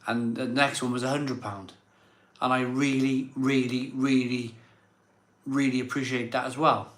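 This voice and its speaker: A man thanks his viewers on a live stream, his voice sitting at an ordinary middle pitch. He is emotional and keeps repeating himself as he catches his breath. The sound carries a clear room echo. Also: fairly even intonation, normal speed, a bit bright. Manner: effusive, repeats words of thanks over and over. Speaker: live stream host reading viewer messages. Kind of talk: casual live stream chat. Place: home room set up as a virtual pub. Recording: echoey room.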